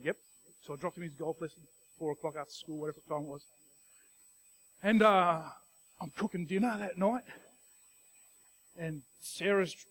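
A high-pitched, middle-aged Australian man preaches a sermon by way of an animated personal story full of restarts.

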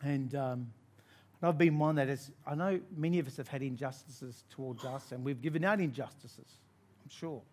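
An Australian man preaching a sermon, telling a personal story in an animated way and laughing through it. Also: medium pitch, a little fast.

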